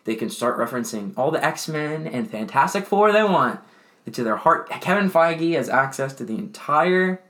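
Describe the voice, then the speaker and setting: A young man co-hosting a casual podcast, rambling and animated with frequent laughs and restarts. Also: fairly high pitch, normal speed. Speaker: podcast co-host. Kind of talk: casual chat.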